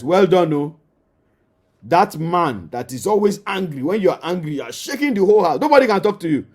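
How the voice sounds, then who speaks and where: A man's voice: fairly high pitch, a little mellow, breathy edge. A man with a Nigerian accent, a marriage counselor giving an emphatic teaching that addresses the listener directly and repeats key phrases.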